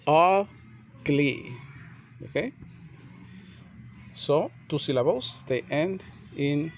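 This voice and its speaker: A man teaching a grammar lesson, repeating and spelling out words slowly and deliberately. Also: on the high side, slight background noise. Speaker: English teacher.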